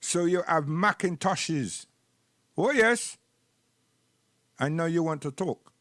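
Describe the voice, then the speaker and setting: Jamaican man, rambling live-stream host, raised pitch, preachy, repeats words, dry sound. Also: measured pace, fairly bright tone, dry recording.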